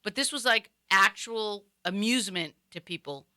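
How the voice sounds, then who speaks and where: Boston woman, guest on a talk show, animated storyteller, bright tone. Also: medium pitch, no room sound, clean studio sound. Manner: animated storyteller, acts out others in quick quoted voices. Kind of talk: casual chat. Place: studio.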